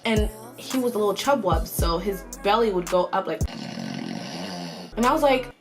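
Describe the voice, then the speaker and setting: A young woman talks through a casual storytime as a beauty vlogger, chatty and animated, with "like" dropped into nearly every sentence. Her voice sits at an ordinary middle pitch for a woman. Music plays clearly behind her. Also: normal speed. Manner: chatty, animated, heavy use of "like". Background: background music.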